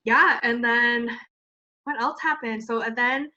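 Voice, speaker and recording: A woman who founded a cosmetics company tells a story in an interview, animated, laughing often and filling her talk with "like". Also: fairly high pitch, measured pace. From Canada. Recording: muffled lo-fi sound.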